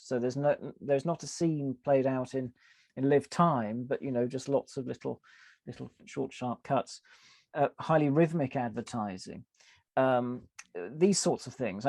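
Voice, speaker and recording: Man, podcast guest, mellow gravelly voice, halting thoughtful explanations, dry close mic. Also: mid-range voice, no echo. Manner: thoughtful, hesitant with many fillers and restarts. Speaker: podcast guest, advertising author. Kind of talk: conversational interview explanation.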